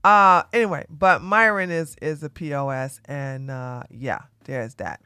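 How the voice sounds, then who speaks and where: A woman hosting her own channel, telling a casual story to her audience in an animated way and laughing often as she talks to the ladies. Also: low-pitched, measured pace, clear, resonant tone, dry recording, studio quality. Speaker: commentary channel host.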